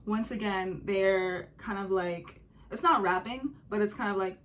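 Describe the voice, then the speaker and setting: A woman's voice: mid-range voice, measured pace. A young woman talking casually about a song's music, with many fillers and humming or singing short examples. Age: young adult. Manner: chatty, many fillers, hums and sings examples. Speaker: music commentator reacting to a song.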